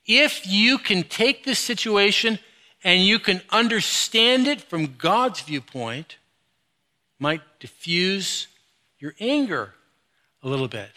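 A middle-aged male pastor with a bright, forceful voice that sits a little high for a man. He preaches with animation, dropping low and quiet, then rising loud and high. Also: lively intonation, takes it slowly. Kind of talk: sermon.

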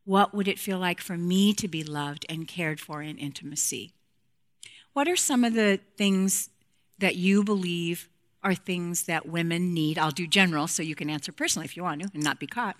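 A woman's voice: fairly low pitch, moderate pace. A woman speaking frankly to a women's group about marriage and intimacy, playful and direct, acting out quotes from couples.

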